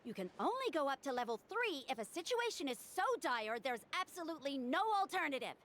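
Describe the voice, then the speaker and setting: A woman's voice: high voice, sing-song, a little fast, fairly bright tone. A stern, worried woman doctor. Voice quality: exasperated, lecturing. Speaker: doctor and logistics handler. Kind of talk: voiced video game cutscene.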